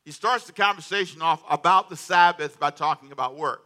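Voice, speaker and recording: A man's voice: on the high side, brisk, few pauses, sharp tone. A middle-aged man preaching a sermon as pastor, calling on the congregation to read along and answer back. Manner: call-and-response preaching, asks congregation to read aloud.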